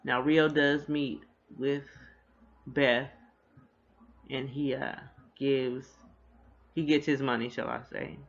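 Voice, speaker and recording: Creaky-voiced guy doing a slangy cussing tv recap, muffled lo-fi sound. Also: mid-range voice, level tone. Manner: profane, slangy retelling with quick asides. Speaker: TV episode reviewer. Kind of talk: casual episode recap.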